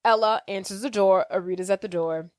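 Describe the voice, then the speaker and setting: A woman co-hosting a podcast, recapping a film in casual chat and acting out the characters' lines with animated voices. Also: mid-range voice, a little fast, no room sound. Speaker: podcast co-host.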